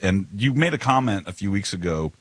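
A man's voice: lowish voice, animated, a little fast, breathy edge, no room sound. A man co-hosting a podcast, rambling in casual chat and often restarting sentences. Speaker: podcast co-host.

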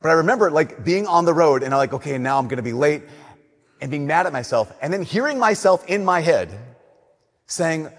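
A man preaching a conversational sermon, telling stories and slowing down softly on his key points. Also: fairly high pitch, animated, in a large hall.

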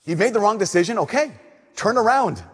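A young man, a Catholic priest, giving an earnest, conversational homily that drops to soft emphasis. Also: sits high, expressive, a little fast, slightly rough. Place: church. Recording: long church reverb.

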